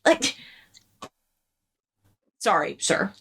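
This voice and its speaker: A woman's voice: very slow, sharp tone. A woman voicing a defensive, flustered teenage boy arguing with his father.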